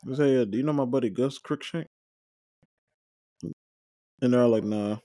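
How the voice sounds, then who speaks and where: A man's voice: medium pitch, normal speed, dark tone, no echo, clean studio sound. Casual man recapping a show. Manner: paraphrases scenes, quotes characters with brief joking asides. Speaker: watch-along podcast host. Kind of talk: casual recap, reading dialogue aloud.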